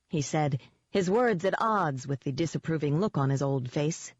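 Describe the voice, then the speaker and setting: An audiobook narrator reading a first-person fantasy novel at a steady, measured pace. The sound is dull with muffled highs, and completely dry with no room echo.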